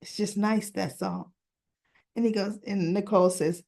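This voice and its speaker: A woman casually recapping soap opera episodes, chatty and animated, briefly mimicking characters and sometimes searching for words. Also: fairly low pitch, a little fast, creaky. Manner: searches for words with restarts and fillers.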